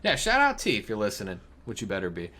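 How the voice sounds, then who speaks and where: Animated young man telling stories. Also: on the low side, fast talker. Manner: animated storyteller, swearing, laughing often. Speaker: podcast co-host. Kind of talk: casual chat.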